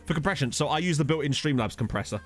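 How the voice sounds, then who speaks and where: A man's voice: on the high side, animated, racing, faint music behind. A man streaming a football management game, chatting casually and joking with his viewers over a desk microphone. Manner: chatty, jokey, answers viewers' chat. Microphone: desk USB condenser microphone.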